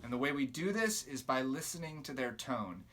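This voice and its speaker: A man's voice: medium pitch, expressive, moderate pace, a bit bright. A man giving a devotional teaching talk to young people, explaining steadily and earnestly, with emphatic rebukes. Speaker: youth ministry teacher.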